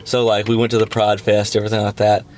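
A man's voice: lowish voice, completely flat delivery, fast talker, darkish tone, slight background noise. A man with a Southern US accent, a touring musician chatting easily with many fillers. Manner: easygoing, agreeable, lots of fillers. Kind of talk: casual chat.

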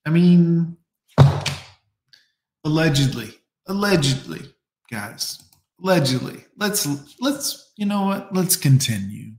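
Slow, ranting man in an echoey room. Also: a little high, big pitch swings, a little hiss or hum. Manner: profane, ranting, slow and emphatic. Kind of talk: casual monologue.

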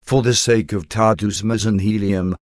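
Man voicing a loyal officer, earnest, formal, low voice, dry. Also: steady tone, moderate pace, no room sound, close to an everyday voice. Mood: pleading. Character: loyal male naval officer, earnest and pleading.

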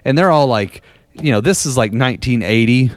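A man's voice: medium pitch, brisk, no room sound. A man in his thirties or forties casually telling rambling, profane stories and laughing at them as he goes. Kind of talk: casual storytelling chat.

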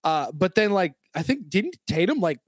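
A man with a slightly high voice co-hosting a podcast, enthusiastic and easily amused. His casual chat is full of restarts, recorded dry and close. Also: very animated, normal speed, slightly rough, no echo. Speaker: podcast co-host.

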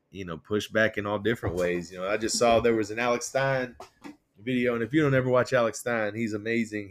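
A man co-hosting a political podcast, rambling and animated as he retells stories with quoted voices. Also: fairly low pitch. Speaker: podcast co-host. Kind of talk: casual political chat.

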